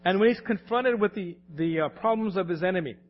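A man's voice: high-pitched, fairly quick, muffled recording. A man in his late forties or older preaching a sermon in a conversational, anecdotal way, often laughing as he talks. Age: late 40s or older. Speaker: pastor.

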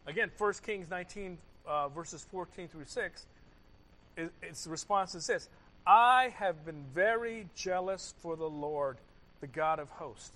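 Man, pastor, sermon, high voice, loud-to-hushed swings, repeated phrases, rhetorical questions. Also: measured pace, poor audio.

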